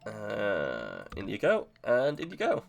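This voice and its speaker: A man's voice: lowish voice, wildly swooping pitch, slow, vocal fry, soft background music. A man streaming live gameplay, chatting to himself in a self-mocking way and laughing easily. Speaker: video game streamer.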